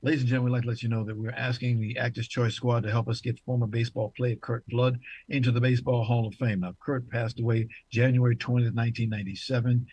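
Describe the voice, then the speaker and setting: A man's voice: mid-range voice, a little mellow, husky, no echo, highs cut off. An older man hosting a talk show, with a showman-like announcer delivery and playful asides to his guests. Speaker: host.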